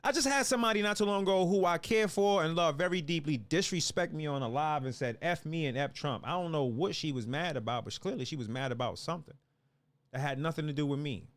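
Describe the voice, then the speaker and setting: A man's voice: a little high, fast talker. A man giving a heated political monologue, fiery and repeating himself as he restarts lines. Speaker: political commentator.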